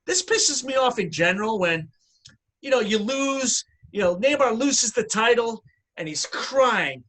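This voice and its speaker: A man's voice: extremely high pitch, animated, a little slow, a bit bright. A man co-hosting a casual sports podcast, talking in an emphatic, opinionated rant. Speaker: podcast co-host.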